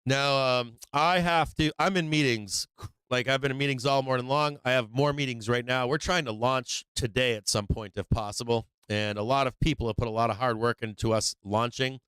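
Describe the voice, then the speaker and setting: A man hosting a live trading stream, talking casually and excitedly, swearing freely and laughing often. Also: medium pitch, normal speed, clear, resonant tone, no echo. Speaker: livestream trading host. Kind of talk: casual livestream chat.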